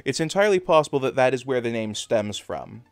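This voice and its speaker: A man's voice: mid-range voice, animated, a little fast, clean tone, no room sound. A man from Canada chats and jokes his way through a game stream, his voice swinging widely up and down as he rambles. He sounds close and dry on a desk mic, with faint game music underneath. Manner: rambling, joking, laughs often. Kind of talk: casual chat while gaming.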